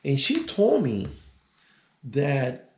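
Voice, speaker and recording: A man's voice: mid-range voice, huge pitch swings, extremely slow, a little mellow. A man in his sixties telling a personal story in a casual, rambling way, with many asides and restarts. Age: 60s. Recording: echoey room.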